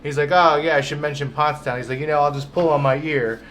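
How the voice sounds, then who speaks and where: A man's voice: a little high, steady tone, fast, fairly bright tone, a little hiss or hum. A man co-hosting a comedy podcast, chatting casually with lots of fillers and restarts. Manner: rambling, filler-heavy talk. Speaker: podcast co-host. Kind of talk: casual chat.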